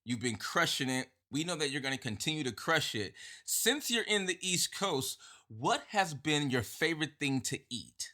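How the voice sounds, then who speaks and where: A man's voice: a little high, sing-song, moderate pace, hardly any pauses, pushed and bright. A man hosting a podcast, talking casually and affirming his guest with upbeat, slangy praise. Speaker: podcast host. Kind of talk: casual interview talk.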